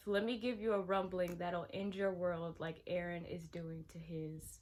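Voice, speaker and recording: A young woman vlogger chatting casually as she reads out viewer confessions, animated and exclaiming, with sudden loud outbursts and quiet asides. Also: on the low side, measured pace, a little hiss or hum.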